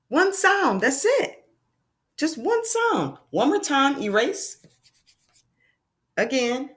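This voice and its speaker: A woman teaching young children a phonics lesson, sounding out letters slowly and with exaggerated emphasis. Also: fairly high pitch, sing-song, a bit bright.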